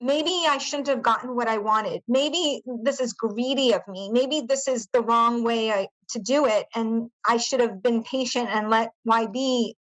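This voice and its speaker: A woman with a slightly high voice talks through her own past as a podcast interview guest. She is earnest and searching, often restarting sentences and filling gaps with small verbal fillers. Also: unhurried, few pauses, rough recording. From United States. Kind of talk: personal storytelling in an interview.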